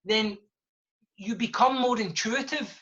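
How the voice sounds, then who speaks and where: A man's voice: sits high, unhurried, fairly bright tone. A Scottish man, a guest author, talking fluently and passionately in a live podcast discussion. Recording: dull lo-fi sound.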